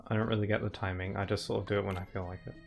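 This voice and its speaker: A man's voice: fairly low pitch, level tone, racing, creaky. A man giving casual let's-play commentary while streaming a game, chatty and rambling, laughing often and filling his talk with "like". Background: faint game music.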